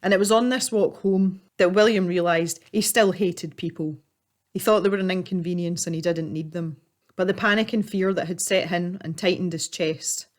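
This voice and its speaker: Woman narrator, lower voice, calm measured storybook read. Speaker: artist and storyteller. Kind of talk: storybook narration while painting.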